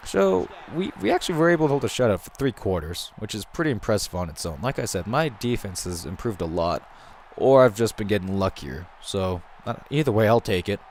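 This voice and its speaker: A young man giving casual, rambling commentary over a football video game, joking and swearing freely as he narrates. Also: lowish voice. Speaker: gaming commentator.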